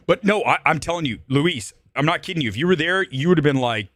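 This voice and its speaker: A man hosting a live-stream movie talk show, telling a story in an animated, profane rant and jumping to high shouts when he gets worked up. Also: fast talker, hardly any pauses, dry recording, clean studio sound. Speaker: host.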